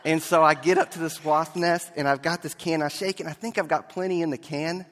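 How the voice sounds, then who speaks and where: A man preaching a sermon as a pastor, telling a story and moving between loud and hushed delivery. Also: a little high, fairly even intonation, brisk, big-room sound.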